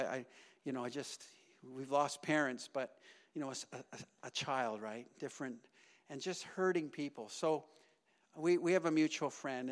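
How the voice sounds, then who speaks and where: Animated high-voiced male pastor preaching. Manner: animated, swings from loud emphasis to hushed low tones. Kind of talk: sermon.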